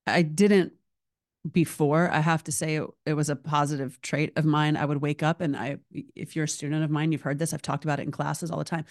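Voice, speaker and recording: A woman in her thirties hosting a solo podcast, talking in an animated, emotional, chatty way with lots of "like". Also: low voice, a little fast, no echo, studio quality. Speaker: podcast host.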